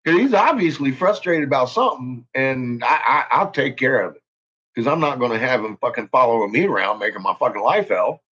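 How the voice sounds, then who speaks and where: A man's voice: medium pitch, animated, a little fast, a bit bright, husky. Angry profane man ranting, lo-fi. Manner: profane, heated, swaggering threats. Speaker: YouTuber.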